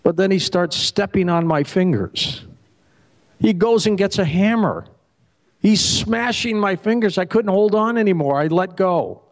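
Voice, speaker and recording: A middle-aged man, a radio host, telling a long joke at a festival stage and acting out each character with sudden pitch jumps. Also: lively intonation, a little slow. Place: festival stage before an audience.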